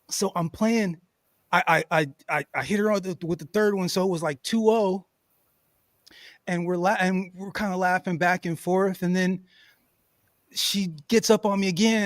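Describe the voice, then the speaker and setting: High-voiced man telling a story. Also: normal speed, no echo, clean studio sound. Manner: animated, laughs often, says "bro" and "you know what I'm saying". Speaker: podcast host. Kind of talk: casual storytelling chat.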